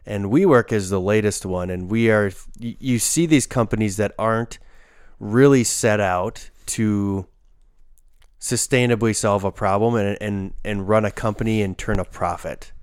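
A man co-hosting a casual podcast chat, explaining ideas in a steady, analytical way. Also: lowish voice, measured pace, smooth, dry recording, studio quality.

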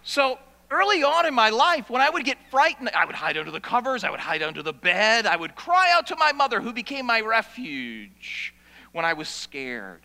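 Guy preaching a sermon, high bright voice, big echoey church hall, goes loud then quiet. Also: very animated, moderate pace. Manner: storytelling, swings from loud to hushed. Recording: long reverb of a large hall.

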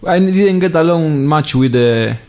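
A man from Argentina, a Spanish speaker, chatting as a guest in halting English with grammar. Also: fairly high pitch, animated, darkish tone. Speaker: guest footballer. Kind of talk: casual interview chat.

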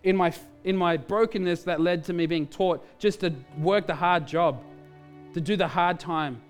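A man, a pastor, preaching a sermon in an animated storytelling way with quick asides. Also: high-pitched, faint music behind.

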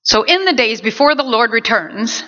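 A woman pastor preaching a sermon in an animated way, with quick asides to her congregation. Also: a little high. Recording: dull lo-fi recording.

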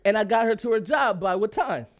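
A high-voiced man briskly tells a personal story in a lively, emphatic, casual style. He laughs as he talks and often checks in with his listeners.

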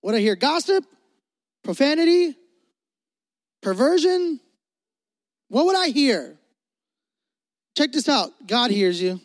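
Young man, youth pastor, high voice, emphatic repetitive sermon delivery, dry sound. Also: takes it slowly, pauses often, no room sound. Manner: animated, emphatic preaching with repeated phrases.

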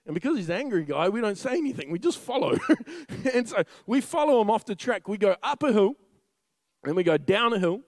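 A young man preaching a sermon as a funny story, lively and laughing often as he tells it. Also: sits high, brisk, dry recording.

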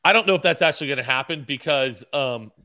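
A man's voice: medium pitch, animated, quick pace, pushed and bright, dry recording. A man co-hosting a casual podcast, telling rambling stories and acting out what people said, with stammers and restarts. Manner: rambling storyteller, acts out quotes with stammers. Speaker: podcast co-host.

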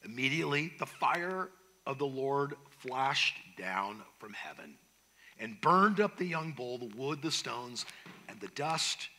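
A man preaching a sermon, retelling a story with shifts from loud to hushed. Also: medium pitch, animated, slow. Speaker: pastor.

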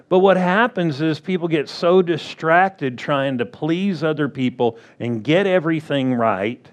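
Slow-preaching man pastor. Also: fairly high pitch. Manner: slow, drawn-out delivery with playful acted-out quotes. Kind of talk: sermon.

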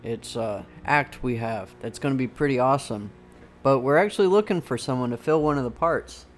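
A man's voice: medium pitch, fairly quick. A man playing a tabletop role-playing game, asking questions in a joking, casual way. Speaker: player.

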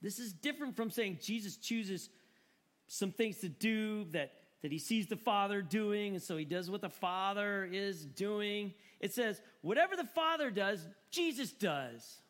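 Man, preacher, sermon, high voice, animated, playful asides. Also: unhurried. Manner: animated, joking, emphatic with repeated words. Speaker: pastor.

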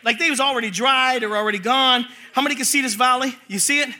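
A man preaching a sermon, reading scripture slowly and telling animated stories with jokes. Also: extremely high pitch. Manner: animated storytelling, jokes and voices; reads scripture slowly and forcefully. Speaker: pastor.

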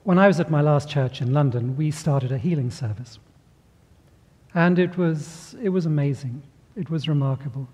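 A man's voice: on the high side, a little mellow, breathy edge. Man preaching in a reverberant hall. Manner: storytelling with acted voices, measured pauses. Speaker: pastor. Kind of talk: sermon.

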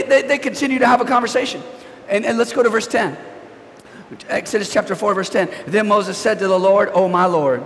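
A man in his thirties, a pastor preaching a sermon in a church, chatty and animated, talking to the congregation. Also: high voice, gravelly, a little hiss or hum. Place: church sanctuary. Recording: reverberant church hall.

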